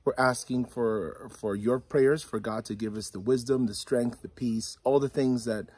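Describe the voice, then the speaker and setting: A man's voice: mid-range voice, fairly even intonation, normal speed, darkish tone, breathy edge. A man who is a youth pastor, earnestly asking for prayer in a casual, reassuring way. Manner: earnest, reassuring, faith-focused. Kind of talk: casual spoken prayer request.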